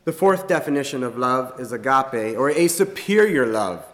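A man preaching a sermon in an earnest, plain-spoken way, often pausing and restarting his sentences. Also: medium pitch, sing-song. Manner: halting, many restarts and fillers.

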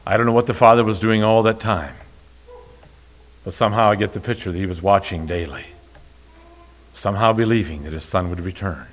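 A male pastor preaching a sermon in church, moving from quiet, slow storytelling to loud, high-pitched, impassioned preaching. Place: church sanctuary.

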